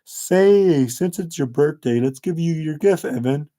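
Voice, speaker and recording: A man's voice: a little high, expressive, measured pace, warm tone. A man voicing a scheming teenage boy bully with a sly, plotting manner.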